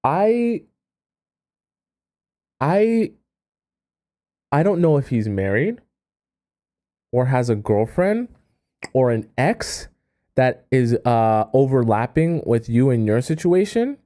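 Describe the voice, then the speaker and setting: A man's voice: medium pitch, big pitch swings, measured pace, mellow. A man hosting a dating-advice live stream, reading viewer messages aloud and reacting with exasperated asides.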